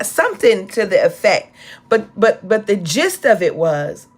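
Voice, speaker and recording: A woman preaching a sermon, telling a story and rising into impassioned, high exclamations. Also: lively intonation, moderate pace. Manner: speaks of the Spirit, call-and-response.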